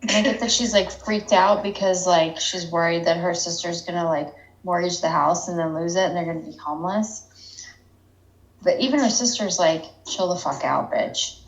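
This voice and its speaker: A woman's voice: fairly low pitch, moderate pace. Blunt, swearing woman in an echoey room. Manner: blunt, profane, exasperated retelling. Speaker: podcast co-host. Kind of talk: casual recap chat. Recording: roomy echo.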